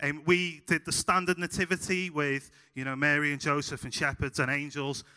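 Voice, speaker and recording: Scouse man preaching, funny storytelling, bright forceful voice, church hall reverb, fairly high pitch. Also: normal speed, smooth. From Liverpool, England. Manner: humorous, animated anecdotes. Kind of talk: sermon with storytelling.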